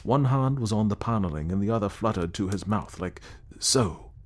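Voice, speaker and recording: A man's voice: lowish voice, lively intonation, moderate pace. A man doing Clayton, an earnest ghost-teller. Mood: reflective. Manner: earnest, reflective, sincere. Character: earnest gentleman telling his ghost encounter. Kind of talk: audiobook character voice.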